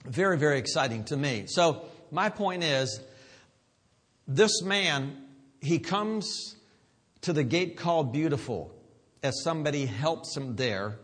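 A man with a Pennsylvania accent preaching a sermon, building to loud emphatic peaks and having the congregation repeat after him. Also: medium pitch, husky, big-room sound.

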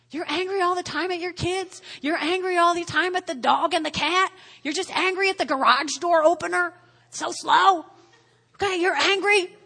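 A woman preaching a sermon, repeating key words, asking the congregation to respond, and swinging between quiet asides and loud emphasis. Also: high-pitched. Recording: hall reverb.

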